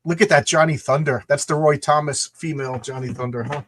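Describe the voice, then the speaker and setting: A man's voice: on the high side, steady tone, fairly quick, fairly bright tone. An American man co-hosting a casual livestream chat, enthusiastic and often repeating words as he thinks. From United States. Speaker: co-host of a comics show.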